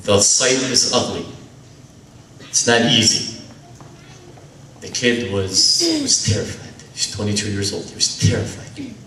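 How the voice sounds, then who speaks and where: A man giving a religious lecture, telling a family story with dramatic pauses, slowing and dropping his voice at grave moments. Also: on the low side, bright, forceful tone, a little hiss or hum. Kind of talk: sermon storytelling. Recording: echoey hall recorded from far off.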